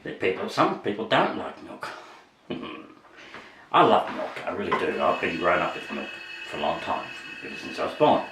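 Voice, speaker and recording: A man's voice: sits low, sing-song, moderate pace, background noise. An Australian man vlogging in a casual, rambling way, chuckling often and losing his thread. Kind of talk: casual chat to camera.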